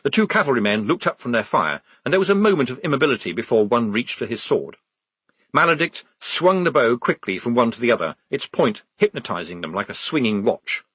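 A man's voice: medium pitch, big pitch swings, brisk, fairly bright tone, breathy edge, no echo. A man reading a comic novel aloud with dry, wry delivery on a close studio mic. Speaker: narrator. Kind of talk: audiobook narration.

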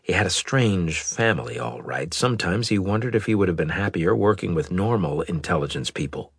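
Man narrating an audiobook, very deep voice, lively intonation, dry close studio sound. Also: a little fast, creaky, breathy edge, no room sound. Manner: steady storytelling with expressive character voices. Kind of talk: scripted narration.

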